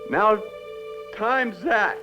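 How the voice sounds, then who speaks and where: An actor playing an obsessed man in a 1960s television drama, swinging between whispers and shouts as he raves about money. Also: high-pitched, drawn-out words, muffled recording, music in the background. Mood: exalted.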